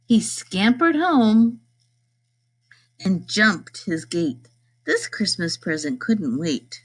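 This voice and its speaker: A woman reading a rhyming picture book aloud, in a lively sing-song way. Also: fairly low pitch, slow. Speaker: storybook reader.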